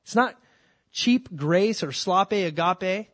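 Pastor, man, fairly high voice, lively sermon delivery with acted-out quotes, dry close mic. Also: slow pace, dry recording. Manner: animated preaching, acting out quoted voices.

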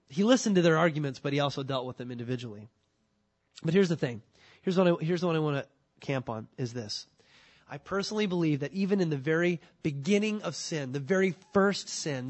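A man preaching a sermon, animated, acting out the excuses people make in little voices. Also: fairly high pitch. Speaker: pastor.

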